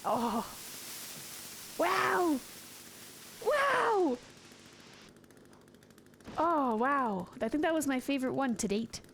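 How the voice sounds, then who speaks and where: A woman streaming a video game, chatting with viewers and giggling loudly at what happens on screen. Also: high-pitched, normal speed, hardly any pauses, slight background noise. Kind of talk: live gameplay commentary.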